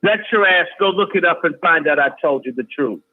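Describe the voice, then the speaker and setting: Brief: male guest, fairly high voice, insistent and repetitive, heard over a thin phone line. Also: animated, fairly quick. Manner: emphatic, repeats phrases forcefully. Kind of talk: heated call-in talk. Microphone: phone call.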